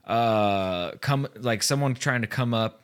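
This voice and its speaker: A man's voice: medium pitch, slow pace. A man co-hosting a podcast, chatting casually and rambling with lots of fillers. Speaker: podcast co-host. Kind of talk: casual chat.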